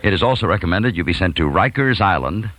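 A man's voice: animated, fast, dry recording. A man playing a stern, pompous older school principal in a comic story. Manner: pompous, severe, low and quiet.

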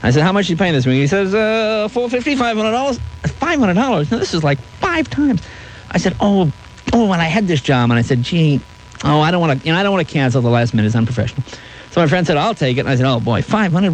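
A man's voice: a little high, fast, slight background noise, rough recording. A man telling anecdotes as a comedian guest in an interview, acting out the voices of people in his stories. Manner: animated, acts out voices in stories.

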